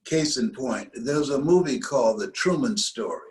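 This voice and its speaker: An older man from the United States, an interview guest telling a motivational story, slowing down to stress key phrases. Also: medium pitch, expressive, a little mellow, rough recording.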